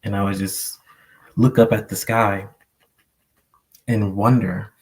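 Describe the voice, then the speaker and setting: A man's voice: fairly low pitch, flat delivery, slow pace. A man sharing a personal story earnestly on a panel, rambling with many fillers. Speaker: panel guest.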